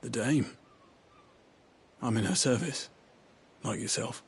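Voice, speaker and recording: An actor playing a weary servant who buries the dead in a video game, with a gravelly, world-weary delivery. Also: male voice, medium pitch, slow pace, heavily acted.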